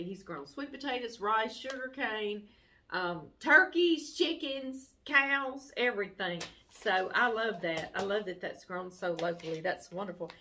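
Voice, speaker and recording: A woman's voice: mid-range voice, a bit bright, slight background noise. A middle-aged woman, hosting a cooking channel and chatting casually as she opens fan mail, gushing and laughing often.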